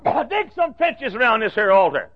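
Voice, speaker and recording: A man's voice: extremely high pitch, big pitch swings, moderate pace, full character voice. A man voicing a bold, swaggering male prophet who talks in a cocky, mocking, folksy way, on a dull lo-fi recording. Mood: commanding.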